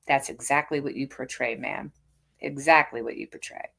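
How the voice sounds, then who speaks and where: A woman's voice: rumbling low, steady tone, moderate pace, gravelly, fairly bright tone, husky. A woman in her fifties hosting a casual livestream, reading out a critic's posts and mocking them with sarcastic comebacks. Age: 50s. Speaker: livestream host. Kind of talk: casual reaction stream.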